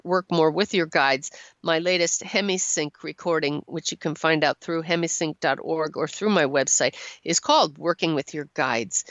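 Brief: middle-aged woman radio host, encouraging, laughs easily, low voice, dull dry studio audio. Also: no room sound. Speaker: radio show host and channeler. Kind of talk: call-in radio talk. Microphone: studio microphone.

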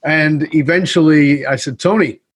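A middle-aged man, a guest on an interview show, telling a story in a lively conversational way and acting out the dialogue. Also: medium pitch, moderate pace, breathy edge. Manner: animated storyteller who acts out quoted dialogue. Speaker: guest speaker and coach.

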